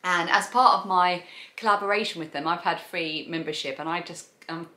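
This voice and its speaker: Rambling South East London woman host, casual chat, slightly low voice. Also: normal speed, pushed and bright, roomy sound. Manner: chatty, enthusiastic, rambling. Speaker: podcast host.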